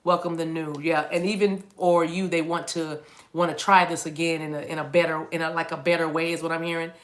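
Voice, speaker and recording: Woman doing a tarot reading on camera, lowish voice, rambly and playful, lots of restarts. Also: little pitch movement, brisk. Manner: chatty and playful, jumps into silly voices and laughs. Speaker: tarot reader.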